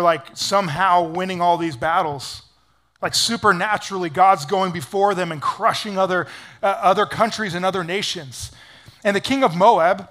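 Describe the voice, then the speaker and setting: High-voiced pastor telling a Bible story. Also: male voice. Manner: energetic, casual storytelling with lots of "like". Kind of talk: sermon.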